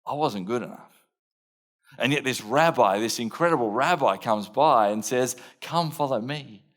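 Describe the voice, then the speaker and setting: Casting: Australian male preacher, in character as a blunt, impulsive fisherman disciple, first-person sermon monologue, mid-range pitch. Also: expressive, moderate pace, fairly bright tone. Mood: earnest. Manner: earnest first-person storytelling with laughs and self-mockery.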